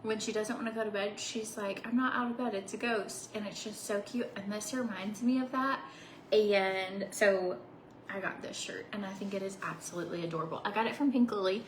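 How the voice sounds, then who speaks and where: A woman's voice: medium pitch, fairly even intonation, brisk. A chatty woman in her thirties talks casually to her viewers, bubbly and rambling, with little laughs between thoughts. Her voice sits in a mid range and bounces around an echoey home office. A faint ambient hum stays under it. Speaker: vlogger. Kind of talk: casual chat to camera.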